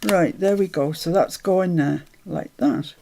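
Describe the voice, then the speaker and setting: A woman's voice: on the low side, a little slow, vocal fry, heavy background noise. A woman hosts a casual crafting livestream. She talks through each step, mutters to herself as she works, and greets viewers in the chat cheerfully. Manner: chatty, greets viewers brightly, mutters to herself while working.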